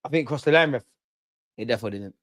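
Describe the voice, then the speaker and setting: A man's voice: mid-range voice, animated, rapid-fire, dry recording. A young man hosting a live football watch-along, heckling penalty takers and ranting casually. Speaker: football fan channel host.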